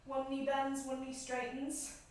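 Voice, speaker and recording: In an echoey, bare room, a distant mic picks up a yoga instructor leading a flow at a measured pace. Her voice is high and light, her cues calm and encouraging and matched to inhales and exhales, and she's a bit out of breath. There's slight background noise.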